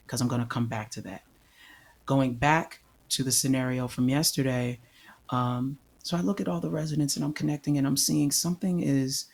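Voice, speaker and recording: A man hosting a solo podcast, telling a personal story in an earnest way and repeating phrases for emphasis. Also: medium pitch. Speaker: podcast host.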